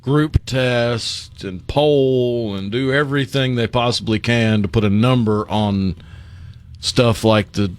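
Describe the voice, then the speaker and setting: A man's voice: mid-range voice, takes it slowly, clear, resonant tone. A man co-hosting a radio talk show, chatting casually and dropping dry, wry remarks, in a studio.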